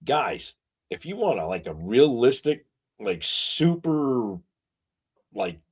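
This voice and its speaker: A man co-hosting a casual chat show who rambles through animated stories full of fillers. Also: medium pitch, slow, breathy edge. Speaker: co-host.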